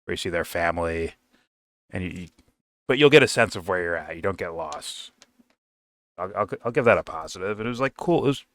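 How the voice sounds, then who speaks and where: A man's voice: deep voice, a bit bright, no room sound, clean studio sound. A man giving a casual, rambling film review, swearing freely and laughing often.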